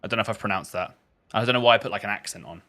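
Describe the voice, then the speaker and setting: A man's voice: on the low side, rapid-fire, pushed and bright. A man live-streaming a shooter game, chatting loosely to his viewers with lots of restarts. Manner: rambling and chatty, many restarts. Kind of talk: live-stream gaming commentary.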